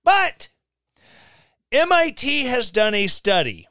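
A man's voice: extremely high pitch, very animated, slow, bright, forceful tone, clear, resonant tone, no echo. A man hosting a podcast, reading a news article aloud and breaking in with sarcastic, mocking asides. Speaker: podcast host. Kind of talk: casual commentary.

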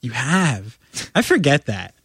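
Animated, persuasive man on a podcast. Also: takes it slowly, husky, dry recording, clean studio sound. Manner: animated, playfully persuasive, talks in long run-on pitches. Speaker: podcast co-host. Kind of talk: casual podcast chat.

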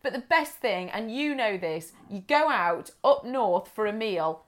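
A woman co-hosting a podcast, telling stories in a gushing, animated way. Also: medium pitch, unhurried. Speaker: podcast co-host. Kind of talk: casual chat.

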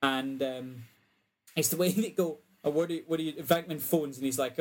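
A man's voice: a little high, animated, a little fast, a little mellow. A man in casual chat, often laughing as he retells film scenes.

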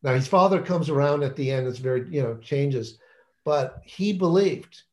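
A man's voice: a little high, moderate pace. A man talking about his children's book in a casual interview, enthusiastic and rambling, often restarting his sentences.

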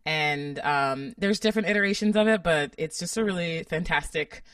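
A woman's voice: low-pitched, moderate pace, a bit bright, no room sound, studio quality, distant mic. A woman co-hosting a podcast in casual chat, bubbly and enthusiastic. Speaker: podcast co-host.

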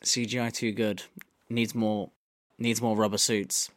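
Joking podcast co-host. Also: male voice, fairly low pitch, flat delivery, unhurried, no room sound, clean studio sound. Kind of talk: casual podcast chat.

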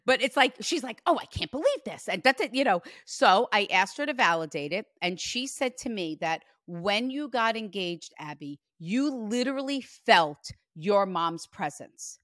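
Animated, emphatic woman medium. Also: medium pitch, a little slow, hardly any pauses, dry recording, studio quality. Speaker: psychic medium. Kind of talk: spirit reading conversation.

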